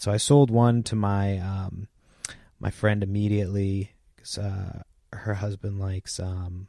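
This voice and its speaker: A man's voice: fairly low pitch, flat delivery, unhurried, gravelly, mellow, no echo, studio quality. A man in his thirties hosting a podcast, chatting loosely with lots of fillers and casual swearing. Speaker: podcast host. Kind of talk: rambling casual monologue.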